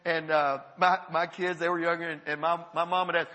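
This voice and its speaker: A man's voice: a little high, flat delivery, fairly quick, pushed and bright, long reverb tail. A man, a pastor, preaching a sermon in a conversational, emphatic way to his congregation. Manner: conversational preaching, emphatic, breaks into quoted voices.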